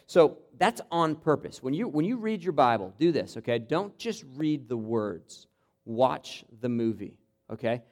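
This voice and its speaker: A man preaching a sermon to students in a conversational way, often checking in with "okay?" and growing animated as he retells a passage. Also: medium pitch. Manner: builds to animated, vivid retelling. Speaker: campus pastor.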